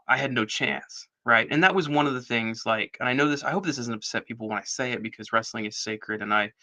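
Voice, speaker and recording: Animated man telling a story. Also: mid-range voice. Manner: animated storyteller, acts out quoted dialogue. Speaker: guest. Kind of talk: casual storytelling interview.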